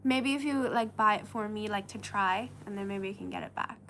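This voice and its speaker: A woman's voice: mid-range voice, a little fast, fairly bright tone, slight background noise. A woman whose first language is Chinese, hosting a casual livestream and reading viewer comments in a giggly, hesitant way. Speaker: livestream host.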